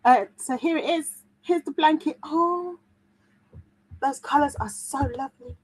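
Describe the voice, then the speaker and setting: A woman's voice: high-pitched, a little slow, rough recording. Chatty woman hosting a craft livestream. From United Kingdom. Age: adult, mother of a daughter. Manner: chatty, reads out viewer comments, frequent fillers and restarts. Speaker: livestream host. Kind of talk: casual live chat, reading comments.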